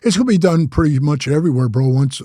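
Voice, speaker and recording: Older man with a dark, loose storytelling voice. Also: fairly high pitch, expressive, fast, no echo, studio quality. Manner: loose, profane, retells dialogue in voices. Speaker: interview guest. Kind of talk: casual storytelling interview.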